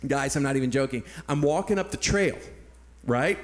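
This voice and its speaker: A pastor from San Antonio, Texas, telling a personal story in a sermon with earnest, animated delivery. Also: male voice, medium pitch, moderate pace.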